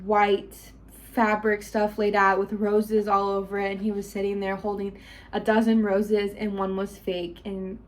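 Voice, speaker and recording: A woman's voice: mid-range voice, completely flat delivery, a little slow. A young woman vlogging at home, gushing and chatty as she tells a story to camera.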